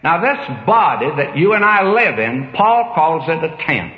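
Older male preacher, folksy and emphatic, lively swooping pitch, dull lo-fi hall sound. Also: a little slow. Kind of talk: sermon. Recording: dull echoey hall recording.

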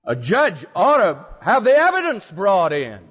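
A man's voice: high voice, huge pitch swings, unhurried, slightly rough. A man preaching a sermon, acting out the quoted lines with drama and putting rhetorical questions to his listeners. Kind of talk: expository sermon. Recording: dull lo-fi hall recording.

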